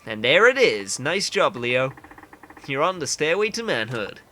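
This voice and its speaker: Dude doing a cocky young student, teasing and bright, kinda pushy. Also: male voice, on the high side, big pitch swings, a little slow, a little hiss or hum, exaggerated voice. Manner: teasing, cheeky. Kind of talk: reading game dialogue aloud.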